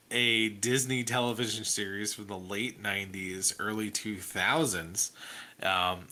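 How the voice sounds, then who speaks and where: A man's voice: fairly low pitch, sharp tone. A man in his thirties co-hosting a podcast in casual chat, rambling with many fillers. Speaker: podcast co-host.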